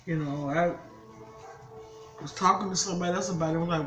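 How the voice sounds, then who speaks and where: A woman's voice: sits low, quick pace, long pauses, a bit bright, highs cut off, faint music behind. An older woman and grandmother, talking casually to her viewers in a vlog, upset and pleading for advice. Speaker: mukbang vlogger.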